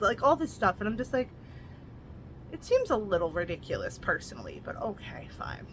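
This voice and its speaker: A woman recaps a novel in a casual, chatty review, peppering it with "like" and blunt asides. Her voice sits a little high and has a bright, keen edge. A faint hiss runs under it. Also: big pitch swings, fairly quick, rough recording. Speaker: book reviewer.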